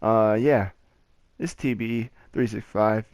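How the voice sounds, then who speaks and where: A man's voice: lowish voice, unhurried, dry recording, highs cut off. A young man casually telling a rambling story over gameplay, acting out the people in it. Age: young adult. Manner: rambling, animated retelling with quoted voices. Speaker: gaming channel host.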